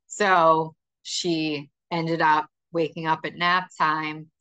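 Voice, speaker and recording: A woman's voice: low-pitched, little pitch movement, takes it slowly, bright, forceful tone, clear, resonant tone, muffled recording. A woman co-hosting a podcast, chatting casually and telling stories with frequent laughter. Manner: chatty storytelling, laughing often. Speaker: podcast co-host. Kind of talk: casual chat.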